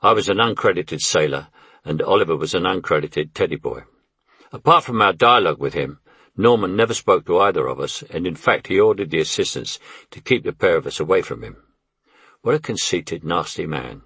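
Deep husky older man telling memoirs. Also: lively intonation, brisk, fairly bright tone, no echo. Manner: wry, anecdotal. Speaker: memoir narrator. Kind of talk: memoir audiobook narration.

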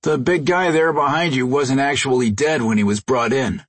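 A reckless, wisecracking hero tosses off jokes in a breezy, husky voice, as a narrator plays him. The audiobook sound is dry and close-miked. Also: male voice, mid-range voice, moderate pace, no room sound, lightly acted. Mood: wry. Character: flippant human bounty hunter, reckless joker.

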